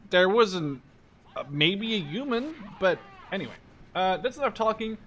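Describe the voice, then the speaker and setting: A young man in his twenties, from the Netherlands, chatting loosely over his gameplay in a fairly high voice. He rambles, restarts and swears casually. Faint game noise and distant artillery sit behind him. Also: lively intonation, normal speed, a bit bright. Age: 20s. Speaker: gaming YouTuber.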